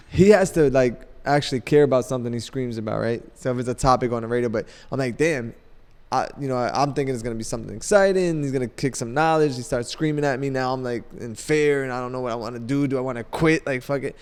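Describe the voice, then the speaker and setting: A man guesting on a podcast, telling loose, animated stories full of fillers. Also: medium pitch, fast talker, few pauses, clean tone, big-room sound. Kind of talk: casual storytelling chat. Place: podcast studio.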